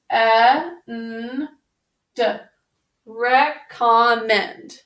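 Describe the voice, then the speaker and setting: A woman teaching a spelling lesson on video, patiently sounding out words one sound at a time. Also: a little high. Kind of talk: slow, careful spelling lesson. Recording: roomy echo.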